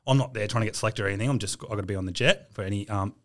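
An Australian man telling military stories in a casual chat, animated and laughing through it, acting out other people's lines. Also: fairly low pitch, very fast.

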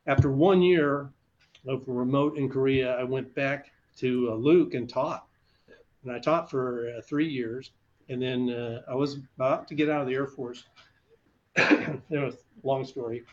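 With a measured pace and a mid-range voice, a retired fighter pilot in his later years tells interview stories, bringing quoted people to life by acting out their voices in an animated way. The highs in the recording are cut off.

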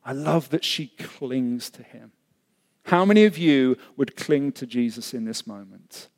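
A man's voice: medium pitch, lively intonation, a little slow. Impassioned male pastor in an echoing hall. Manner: impassioned preaching with swings from loud to hushed. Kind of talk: sermon. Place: church hall. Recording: long reverb of a large hall.

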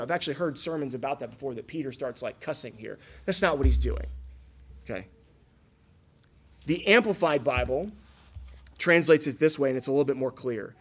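A man from Florida preaching a sermon in a casual, conversational way, often asking the listeners questions. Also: a little high. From Florida, USA. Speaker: pastor.

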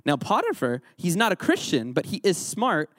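A man's voice: high-pitched, huge pitch swings, moderate pace, fairly bright tone, dry recording, clean studio sound. Playful joking youth pastor man. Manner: playful, joking, quizzes the audience. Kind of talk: interactive Bible lesson sermon.

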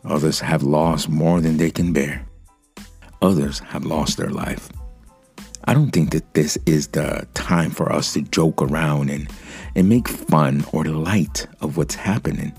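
A man's voice: extremely low pitch, a little mellow, husky. A man giving an earnest devotional sermon, speaking straight to the listener and dropping in a casual "man" and "amen". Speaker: preacher.

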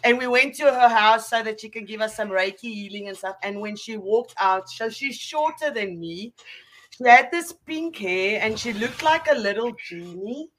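Female guest, giggly, high bright voice, slow, faint background noise. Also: expressive. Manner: giggly, laughs often, slow halting speech. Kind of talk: casual on-air chat.

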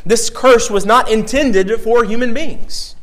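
A man's voice: extremely high pitch, unhurried. A middle-aged man preaching a sermon, earnest, asking his listeners direct questions and repeating key words.

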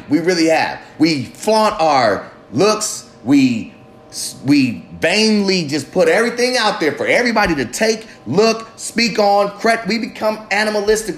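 In an echoey room with a faint hiss or hum, a podcast host talks on his own show. His monologue is loose, full of swearing, and lurches from loud bursts down to low muttering.

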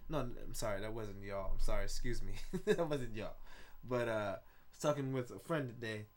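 A man, hosting a casual solo podcast in a loose, rambling, excitable way, swearing often. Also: on the low side, moderate pace. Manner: rambling, loose and excitable, with frequent profanity and laughs. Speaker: podcast host.

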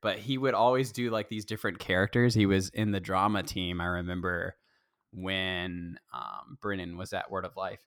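Low-voiced laughing podcast co-host man. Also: little pitch movement, moderate pace, a bit bright, no room sound, studio quality. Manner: laughs often, chatty and rambling. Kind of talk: casual chat.

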